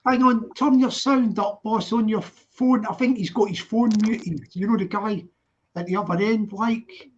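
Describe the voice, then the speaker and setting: A man's voice: high voice, steady tone, a little slow, slightly rough. A man in his sixties from Scotland with a Glaswegian accent, hosting a casual online chat and rambling as he repeats himself. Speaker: host. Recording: muffled lo-fi online call audio.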